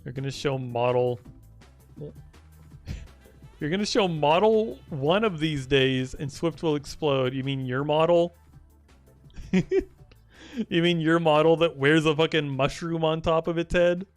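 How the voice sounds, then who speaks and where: A man's voice: on the high side, slow, pauses often, soft background music. A young man streaming live, chatting casually, teasing and swearing as he rambles.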